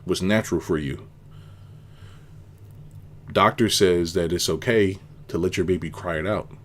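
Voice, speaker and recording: Low-voiced man rambling with rhetorical questions. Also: measured pace. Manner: rambling, with many rhetorical questions and tag "right?"; repeats himself for emphasis. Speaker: business consultant and video host. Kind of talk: casual spoken commentary to camera.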